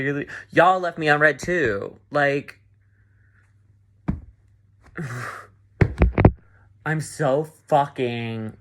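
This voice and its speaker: A man's voice: medium pitch, measured pace, long pauses, a bit bright. A man giving a frustrated confessional as a game contestant, swearing and repeating himself. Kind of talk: confessional rant.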